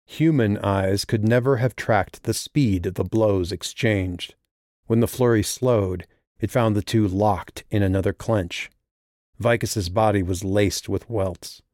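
A man narrating an audiobook in a measured, steady way. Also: fairly low pitch, no room sound, clean studio sound. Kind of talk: scripted narration.

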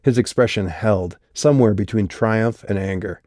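A male audiobook narrator with a low voice and a steady, measured delivery. The recording is dry and close, with no room around it. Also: dry recording. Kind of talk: scripted narration.

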